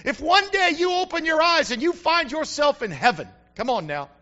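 A man's voice: very high-pitched, very animated, moderate pace, sharp tone. A middle-aged male pastor giving a folksy, emphatic sermon with repeated refrains. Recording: muffled lo-fi recording.

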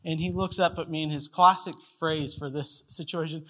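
Bright-voiced male pastor preaching. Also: fairly high pitch, fairly even intonation, normal speed, few pauses. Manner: storytelling, acts out voices in anecdotes. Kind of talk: sermon.

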